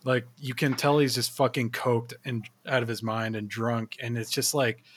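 A man's voice: medium pitch, little pitch movement, slight background noise. A man hosting a podcast, chatting casually and telling a story with lots of swearing and laughter. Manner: laughing, profane storytelling with quick impressions. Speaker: podcast host.

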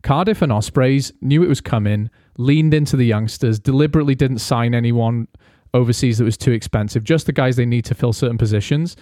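A man in casual sports chat, talking animatedly and swearing freely. His voice sits at an ordinary middle pitch. The sound is dry and close, with no room echo. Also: a little fast, few pauses. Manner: animated, swears freely, slips into mock quotes. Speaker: podcast co-host.

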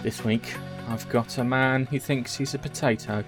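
A man's voice: mid-range voice, fairly even intonation, normal speed, over music. A man hosting a podcast, chatting casually in a jokey, rambling way and swearing now and then. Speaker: podcast host. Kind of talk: casual chat.

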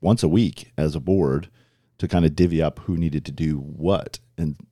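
A middle-aged man chatting casually as an interview guest, with dry, self-mocking humor and quick bursts of laughter. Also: a bass voice, warm tone, dry recording. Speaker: guest, club board chairman.

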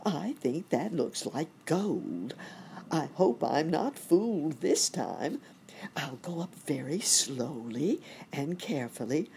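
Woman doing a kindly old rabbit gentleman, storybook, unhurried, husky, low. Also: sing-song, a little hiss or hum, exaggerated voice. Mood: mild. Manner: gentle, mild exclamations.

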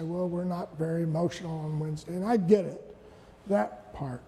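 An older man preaching a sermon, rising to shouted peaks and dropping into playful asides. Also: high-pitched, in a large hall. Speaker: pastor. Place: church sanctuary.

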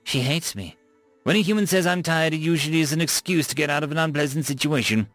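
A man's voice: on the high side, a bit bright, no echo, soft background music, voice pushed up, close to an everyday voice. A man voicing a fretful little alien crew member. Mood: anxious. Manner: fretful, questions in rapid bursts. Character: anxious small alien crew member, genderless.

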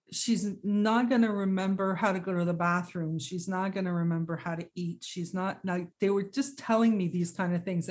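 A woman telling a personal story in conversation, earnest and reflective, pausing and restarting as she speaks. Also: medium pitch, darkish tone.

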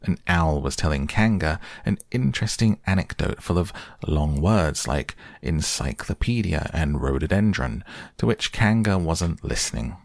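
A man reading a children's story aloud in a gentle, measured storytelling manner. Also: extremely low pitch, lively intonation, vocal fry, no echo, clean studio sound.

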